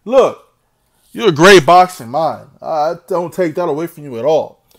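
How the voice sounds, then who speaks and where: A man's voice: a little high, lively intonation, a little slow. A young man ranting to camera as a boxing vlogger, mocking and full of slang. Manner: trash-talking, slangy, mocking.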